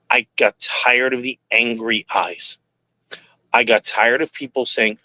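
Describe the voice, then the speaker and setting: A man's voice: mid-range voice, steady tone, unhurried, pushed and bright, dry recording. A man hosting a livestream, talking candidly and rambling, sometimes asking and answering his own questions. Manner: rambling, candid, talks to himself aloud. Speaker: livestream host. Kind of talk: casual livestream monologue.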